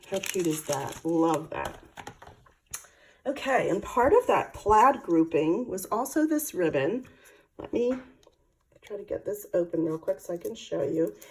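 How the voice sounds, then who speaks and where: A woman's voice: fairly low pitch, a little mellow, rough recording. A middle-aged woman showing craft supplies in a casual, chatty way, thinking aloud as she handles them. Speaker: craft product demonstrator. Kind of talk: casual product show-and-tell.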